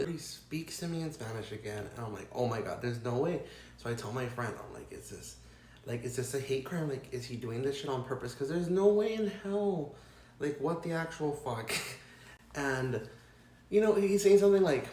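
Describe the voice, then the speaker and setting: A man's voice: mid-range voice, animated, brisk, darkish tone. Young guy ranting a storytime, swears a lot, fed up, kinda echoey room. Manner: profane, exasperated, rambling with many likes. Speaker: vlogger. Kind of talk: casual storytime rant.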